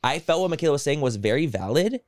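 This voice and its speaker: A man co-hosting a podcast, retelling online drama in rapid, animated bursts and acting out quoted people. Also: fairly high pitch, no room sound, clean studio sound. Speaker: podcast co-host. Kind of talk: casual gossip chat.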